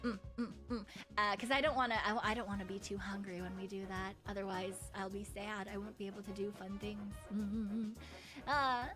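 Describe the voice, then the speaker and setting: A woman's voice: medium pitch, fairly even intonation, a little fast, over music. A woman streamer chatting casually with her viewers, rambling and humming between thoughts. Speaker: live streamer. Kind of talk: casual live-stream chat.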